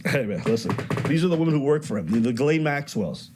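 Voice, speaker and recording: A man's voice: mid-range voice, lively intonation, fast talker, background noise. A man giving blunt, profane commentary in a casual podcast chat.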